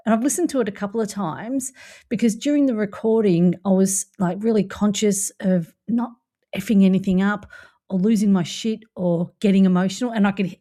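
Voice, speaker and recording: A woman hosting a podcast in a casual, playful and encouraging way. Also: medium pitch. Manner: playful, jokey, warmly encouraging. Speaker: podcast host.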